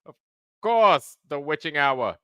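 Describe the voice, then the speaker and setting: A man putting on a theatrical announcer voice with an old-fashioned mid-Atlantic accent and a drawn-out delivery. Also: a little high, lively intonation, fairly bright tone, clear, resonant tone, dry recording, lo-fi sound, pitched above the performer's own voice. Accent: mid-Atlantic (put on).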